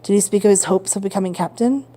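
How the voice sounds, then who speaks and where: A woman's voice: mid-range voice, fast, warm tone, lightly acted. A woman voicing a scheming, jealous man who speaks coolly and dismissively in a storybook reading.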